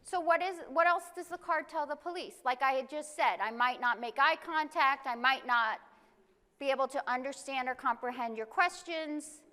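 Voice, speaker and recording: High bright-voiced woman presenting in a hall. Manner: explanatory, reads card statements aloud slowly. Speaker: conference presenter. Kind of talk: live presentation to an audience. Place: conference room.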